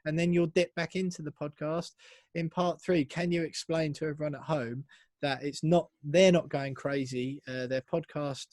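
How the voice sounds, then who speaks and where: A man hosting a casual podcast chat, talking in a chatty, jokey way. His voice sits a bit high for a man and sounds close and dry, with no room around it. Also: steady tone, moderate pace, darkish tone, no room sound. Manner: chatty, jokey, upbeat presenting. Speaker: podcast host.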